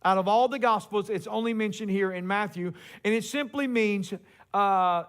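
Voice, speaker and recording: A man preaching a sermon as pastor, retelling a story with lively acted-out quotes. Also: sits high, moderate pace, clean tone. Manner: storytelling preacher, acts out quotes with rising emphasis.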